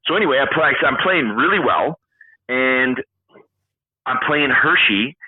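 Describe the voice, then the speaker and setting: A man in his forties, a retired hockey player and podcast guest, telling animated stories, acting out quoted dialogue and swearing freely. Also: mid-range voice, moderate pace, pauses often, husky, dry recording. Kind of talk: casual storytelling interview. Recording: tinny phone-like call line.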